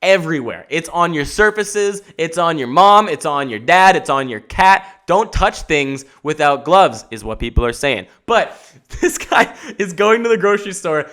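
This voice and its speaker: On the high side and at normal speed, a young adult man riffs as a podcast host. The monologue is casual and comedic, animated and wandering, with plenty of swearing and jokes at his own expense.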